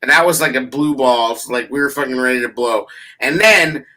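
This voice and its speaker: Profane, animated man with a bright voice. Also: mid-range voice, normal speed. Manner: profane, animated storytelling with bursts of shouting. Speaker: podcast co-host. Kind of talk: casual sports chat.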